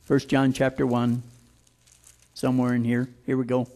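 A man preaching a sermon, blunt and emphatic, slowing down to stress scripture lines. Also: medium pitch, completely flat delivery, a little mellow.

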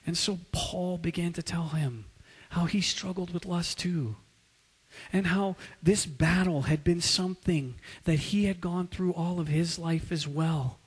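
Husky, slow-speaking preacher in a hall. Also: male voice, high voice. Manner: dramatic, with swings between loud and hushed. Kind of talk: sermon storytelling. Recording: long hall reverb.

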